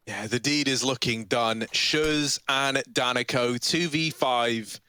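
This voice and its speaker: Bright-voiced playful esports caster. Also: male voice, medium pitch, slow, smooth, dry recording. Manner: playful, theatrical, builds excitement on big plays. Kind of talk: play-by-play commentary.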